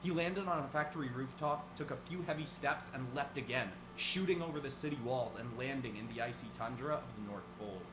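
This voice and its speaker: A man's voice: mid-range voice, a little fast, hardly any pauses. Casual male narrator, echoey noisy room. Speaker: video creator and narrator. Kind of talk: scripted story narration. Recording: echoey room with background noise.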